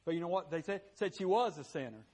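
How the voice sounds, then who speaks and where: Impassioned preacher, fairly high-pitched man. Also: animated, quick pace. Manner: impassioned, swinging from loud to hushed; repeats words and restarts phrases while preaching. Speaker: pastor. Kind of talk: sermon.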